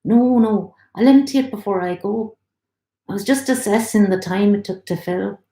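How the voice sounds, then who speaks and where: A woman doing a soft-spoken, caring young man. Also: mid-range voice, moderate pace, natural voice. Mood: kind. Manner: soft, calm, reassuring. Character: gentle young Derry man, caring partner. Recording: roomy echo.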